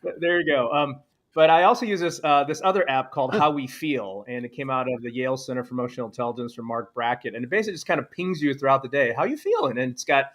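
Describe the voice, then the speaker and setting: A man who gives keynotes and coaches leaders, chatting casually in a live panel and acting out quoted self-talk with lively energy. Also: medium pitch, quick pace.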